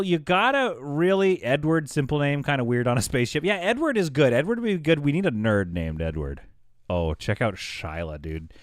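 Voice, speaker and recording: A man streams a game live, talking casually to his chat. His pitch swings widely as he jokes and reacts, and he laughs often. The sound is dry and close, with no room echo. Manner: chatty, talks to chat. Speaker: livestreamer playing a game.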